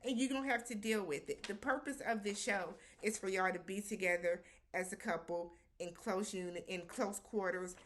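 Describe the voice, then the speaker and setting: A woman's voice: mid-range voice, moderate pace, few pauses, a bit bright, slight background noise. A woman hosting a casual reality-show recap, talking animatedly, slipping into quoted voices and slang.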